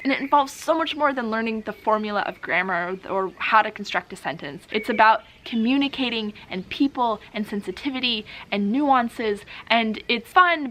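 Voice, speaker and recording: A woman vlogger who teaches languages talks straight to camera, cheerful and encouraging. Her voice is bright and a little high. She acts out short lines she might say to her students. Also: a little hiss or hum. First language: English. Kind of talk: advice vlog to camera.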